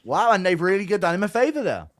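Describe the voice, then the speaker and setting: A man co-hosting a casual fight podcast, breaking down matchups in a relaxed, joking way. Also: high-pitched, quick pace, no echo, studio quality. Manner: relaxed, joking analysis with laughs.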